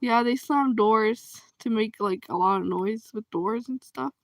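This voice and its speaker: Casual lady host, chatty and expressive, reacts to comments, kinda high and gravelly. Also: measured pace, no echo. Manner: expressive, laughs often, acts out reactions.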